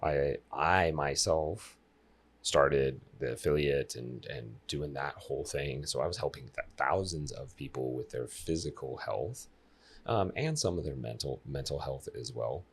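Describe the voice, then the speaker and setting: Guy in his 30s with a super low gravelly voice, kinda husky, chatting on a podcast and telling stories with lots of energy. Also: a little slow. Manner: animated storyteller who addresses listeners directly. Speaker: life coach guest. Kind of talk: casual podcast interview.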